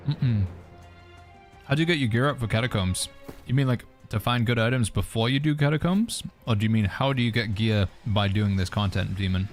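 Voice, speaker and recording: Male streamer, lower register, easygoing gaming chat, faint music bed. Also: fairly quick. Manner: relaxed, chatty, answers viewer questions while playing. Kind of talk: casual gaming commentary.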